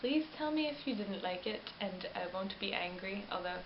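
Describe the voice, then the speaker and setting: A woman's voice: mid-range voice, expressive, normal speed. A chatty woman vlogger rambling through a casual film review, often doubling back to correct herself. Her voice sits in a middling range and sounds lo-fi and slightly muffled. The room is echoey, with a faint hiss behind her. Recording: roomy, dull lo-fi webcam audio with faint hiss.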